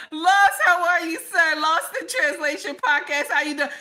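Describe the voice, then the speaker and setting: A woman giving animated casual commentary, repeating phrases, often asking "okay?", and breaking into laughter. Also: very high-pitched, slow pace.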